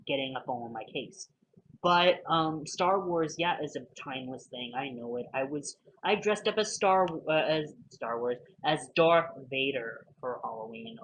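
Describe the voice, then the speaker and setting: A man's voice: fairly high pitch, a bit bright, slight background noise, rough recording. A man giving a casual spoken film review, rambling with many fillers and restarts.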